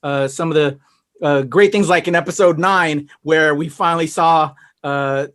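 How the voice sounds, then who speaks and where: Chatty high-voiced male podcast host. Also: normal speed, a bit bright, dry recording, studio quality. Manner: laughs often, loose and chatty with many fillers. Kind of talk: casual review chat.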